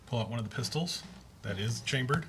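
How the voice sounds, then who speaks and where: A man's voice: medium pitch, lively intonation, a little fast, noisy background. A man playing a tabletop game, laying out his character's actions step by step. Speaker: player.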